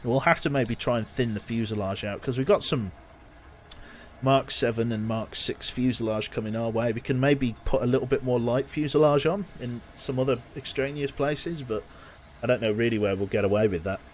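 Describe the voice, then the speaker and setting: A man casually commentating his game on a live stream, thinking out loud and talking to his chat. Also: mid-range voice, normal speed, a little hiss or hum. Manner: chatty, thinks aloud, talks to chat.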